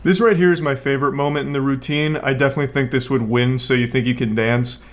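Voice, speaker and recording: A young man giving casual commentary on a video clip, with a dry, deadpan, sarcastic delivery, relaxed pacing and casual swearing. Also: mid-range voice, slight background noise. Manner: relaxed, unhurried storytelling with frequent fillers. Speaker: YouTube commentator.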